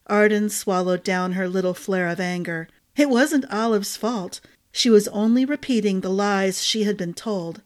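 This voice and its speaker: A woman narrating a fantasy novel chapter in a calm, measured storytelling voice. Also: mid-range voice.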